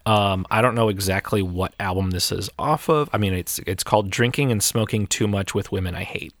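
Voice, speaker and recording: A man's voice: on the low side, a little fast, a bit bright, dry recording. A man co-hosting a music podcast in casual chat, rambling and laughing easily as he reads out a band blurb. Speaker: podcast co-host.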